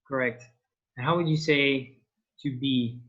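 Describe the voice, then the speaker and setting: A man's voice: medium pitch, measured pace, a bit bright, slightly rough. A man whose first language is French, teaching an online language class over a video call, prompting students patiently step by step. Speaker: French tutor. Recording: dull lo-fi call audio.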